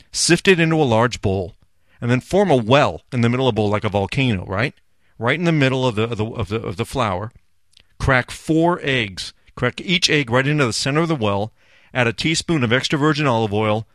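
A man talks in a blunt, sarcastic, profane rant as a podcast host. His voice is mid-pitched and ordinary. The sound is dry and close to the mic. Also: fairly bright tone, no room sound. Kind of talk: casual ranting commentary.

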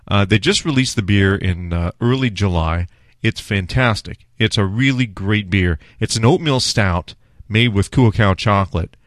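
A man's voice: on the low side, dry recording, clean studio sound. A man hosting a food and beer show, chatting casually through a beer tasting with many filler words. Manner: chatty, relaxed, with frequent "uh" fillers.

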